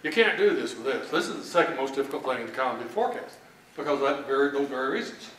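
A man's voice: medium pitch, big pitch swings, very fast, a bit bright, slight background noise. A man from Texas with a Texan accent, giving a folksy, joking keynote talk at a conference. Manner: folksy, joking, plain-spoken. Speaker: economist speaker. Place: large event hall. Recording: echoey hall, from far off.

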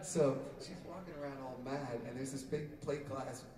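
A man's voice: mid-range voice, normal speed. A middle-aged man telling a rambling story to a concert audience, laughing often, with many fillers and restarts. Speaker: musician telling stories on stage. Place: concert hall stage. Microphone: audience taper's recording from the crowd. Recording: roomy distant audience tape. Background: loud crowd.

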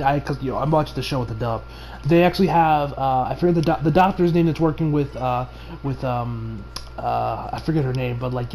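A man's voice: medium pitch, a little hiss or hum. A young man from the United States talking casually in an anime review, rambling with lots of fillers and bursts of laughter. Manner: laughs a lot, excitable.

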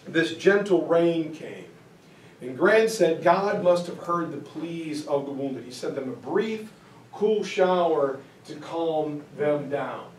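A man giving a history lecture as a lively story, full of fillers and acted-out voices. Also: sits high. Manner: acts out quoted soldiers in voices, lots of fillers. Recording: echoey room, speaker far from mic.

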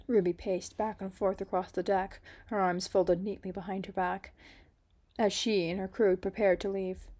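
A woman reading a romance story aloud in a soft, dramatic way. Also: medium pitch, level tone, moderate pace. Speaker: story reader.

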